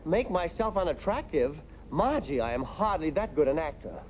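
A man's voice: a little high, sing-song, normal speed, a little mellow, low-quality recording. An actor playing a flustered middle-aged father who stammers through his excuses, in 1950s sitcom style.

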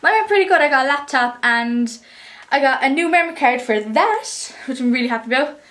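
A woman's voice: high voice, expressive, fairly quick, fairly bright tone. A teenage girl with an Irish accent chatting to the camera in a casual, rambling and upbeat way. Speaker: vlogger.

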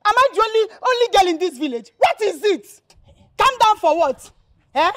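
An actress with a Nigerian accent playing a defiant young village woman who loudly scolds a man pestering her, in a Nollywood film. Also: high voice, sing-song, a little fast, no echo. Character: fiery young village woman fending off a suitor. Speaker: village girl.

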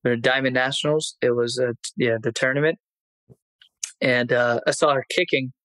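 A man in his thirties speaks candidly as a podcast guest, reflective and open about his past. His voice sits at an ordinary middle pitch and he grows animated when retelling moments. The sound is dry and close with no room echo. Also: moderate pace. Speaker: martial arts instructor and guest. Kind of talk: casual podcast interview storytelling.

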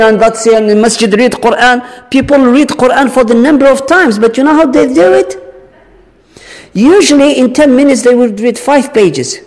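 A man teaching a congregation in a religious lecture, stretching out key words slowly and posing rhetorical questions to his listeners. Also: very high voice. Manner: slow, drawn-out emphasis with rhetorical questions. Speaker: Islamic teacher. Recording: long reverb of a large hall.

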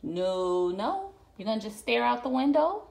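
A woman chats to her pet dog at home, half scolding and half coaxing. Her voice sits fairly high and swings widely in pitch, in a sing-song way. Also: sing-song, unhurried, gravelly, a little mellow. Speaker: dog owner talking to her pet on camera. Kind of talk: casual talk to a pet. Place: at home by a window.

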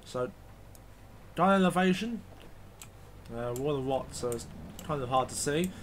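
A man's voice: a little high, animated, moderate pace, slight background noise. A man giving rambling, self-correcting commentary while reviewing a video game. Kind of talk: gameplay commentary.

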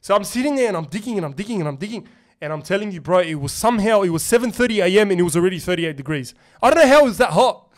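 A young Australian man hosting a podcast, telling a story in animated, slangy casual chat full of swearing. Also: sits high, very fast. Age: young adult. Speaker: podcast host.

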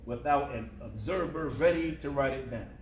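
A man voicing a pious older woman traveler who answers only in scripture, in a calm, measured recitation. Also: mid-range voice, a little hiss or hum, close to an everyday voice. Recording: roomy echo.

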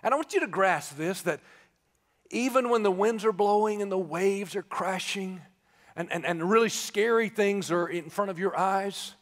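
A man preaching a live sermon as pastor, conversational and joking, then building to shouted emphasis. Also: high voice, moderate pace. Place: church sanctuary, live service. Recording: live church with long reverb.

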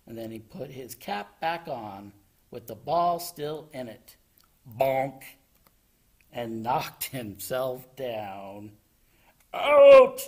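A man, a children's librarian, reading a picture book aloud from home in an animated, expressive storytelling voice. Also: mid-range voice, slow pace. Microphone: home recording.

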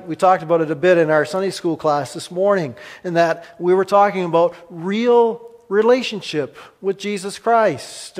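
A male pastor delivering a sermon in a fairly high voice, leaning hard on some phrases and dropping to near hush on others. Long reverb from a large hall hangs after his words, as if in a church sanctuary. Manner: dramatic pauses, swings from emphatic to hushed.

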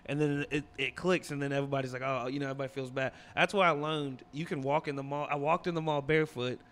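A young man telling animated, profane stories in casual podcast banter, laughing often. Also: medium pitch, fast talker. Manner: animated storyteller, laughs often, swears freely. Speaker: comedian guest.

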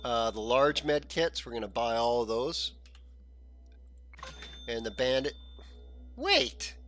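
A man hosting a gaming channel, chatting casually as he plays, thinking aloud and often clearing a frog in his throat. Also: mid-range voice, measured pace. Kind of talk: casual gameplay commentary.

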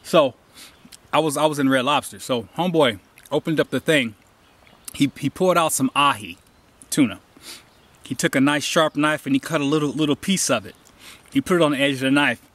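A man with a fairly high, fairly bright voice speaks briskly and pauses often as he hikes a trail outdoors. He's a hiker vlogger filming on a handheld camera, rambling casually through stories and dropping emphatic advice and asides.

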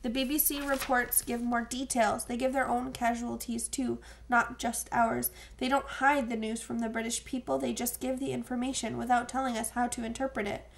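A defiant teenage boy, read by a woman in an audiobook, earnest and insistent with a bitter edge. The voice is a bit high and gravelly. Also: level tone, normal speed, few pauses.

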